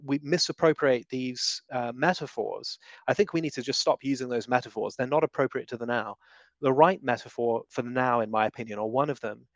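A man guest gives conversational theological teaching, emphatic and full of vivid examples, his inflection shifting throughout. His voice is medium-pitched with no echo.

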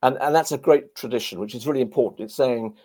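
A man telling lively anecdotes in a podcast interview, a former army clergyman. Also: mid-range voice, fast, breathy edge. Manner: animated, anecdotal.

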